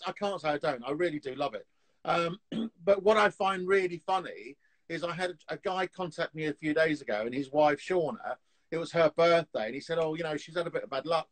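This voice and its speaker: Chatty high-voiced man. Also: rough recording. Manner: chatty storyteller, animated, quick laughs. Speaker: TV antiques dealer, guest. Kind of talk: casual chat on a live video call. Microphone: phone on a live video call.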